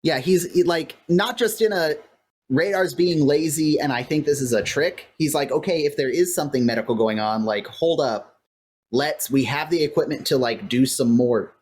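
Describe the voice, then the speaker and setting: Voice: mid-range voice, normal speed, darkish tone, husky. A podcast co-host casually recapping a TV episode, talking in a loose, rambling way full of filler words. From California. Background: faint fan or air-conditioner hum.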